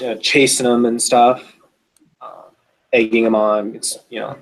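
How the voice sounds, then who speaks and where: A man's voice: fairly low pitch, vocal fry, a bit bright. A man narrating his character's actions in a casual tabletop role-play, rambling with many fillers and restarts. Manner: rambling, filler-heavy, self-interrupting. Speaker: player.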